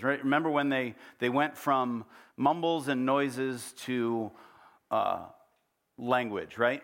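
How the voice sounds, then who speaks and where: A man's voice: medium pitch, fairly bright tone. Conversational middle-aged male pastor preaching. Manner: conversational, asks the congregation questions. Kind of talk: sermon. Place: church.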